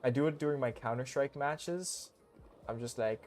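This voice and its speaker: A young man streaming a game, talking casually in a goofy, excitable, rambling way full of slang. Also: mid-range voice, normal speed, faint music behind. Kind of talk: casual live-stream commentary.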